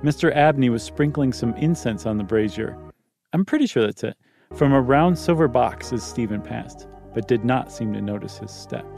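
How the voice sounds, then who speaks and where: A man's voice: mid-range voice, lively intonation, moderate pace, gravelly, music in the background. A man reading a ghost story aloud, stopping now and then for joking comments. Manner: reads plainly, breaks off to joke and comment. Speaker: story reader. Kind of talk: casual storytelling with banter.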